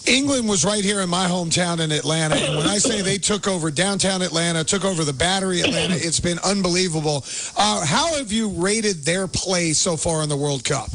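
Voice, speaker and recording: A man's voice: high-pitched, fairly quick, few pauses, fairly bright tone, a little hiss or hum. A man hosting a sports radio show in an upbeat, chatty way. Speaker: radio host.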